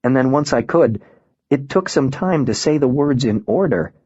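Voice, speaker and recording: A man narrating an audiobook in a subdued, measured way. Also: mid-range voice, animated, dark tone, husky, no room sound, lo-fi sound.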